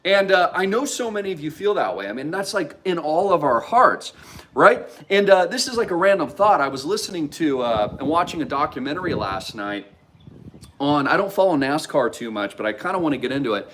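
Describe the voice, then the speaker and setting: Excitable man hyping crypto, lively pitch. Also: moderate pace. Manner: excitable, salesy, heavy use of "like" and "freaking". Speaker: crypto investment channel host. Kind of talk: energetic hype monologue to camera.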